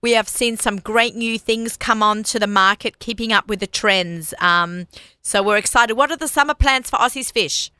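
A woman's voice: fairly high pitch, moderate pace, bright, forceful tone, clear, resonant tone, dry recording, studio quality. A woman hosting a casual radio interview, chatty and bubbly, laughing often. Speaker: radio host.

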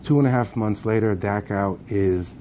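A man's voice: on the low side, moderate pace, mellow, a little hiss or hum. A man speaking at a memorial program, telling a dramatic story with emphasis and swings of pace.

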